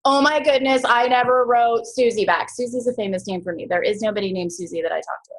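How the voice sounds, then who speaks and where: Woman, young adult, team leader, casual call, slightly high voice, chatty, slangy, animated. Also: quick pace, poor audio.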